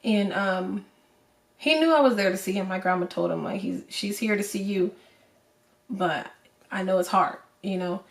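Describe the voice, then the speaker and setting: A young woman vlogger telling a personal story to the camera in an emotional, halting way, full of fillers. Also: medium pitch. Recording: roomy echo, voice from a distance.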